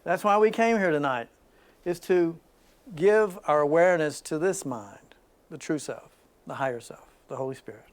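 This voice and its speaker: A man speaks to a small spiritual gathering in a high voice. He leans hard on some lines and drops to a near-hush on others, laughing now and then between points. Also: normal speed. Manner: dynamic, swings from loud emphasis to soft hushed speech. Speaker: spiritual group leader. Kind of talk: spiritual talk to a small group.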